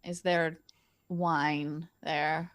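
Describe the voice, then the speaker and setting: A woman's voice: low voice, little pitch movement, very slow. A woman player in a tabletop game, throwing in dry, sarcastic quips.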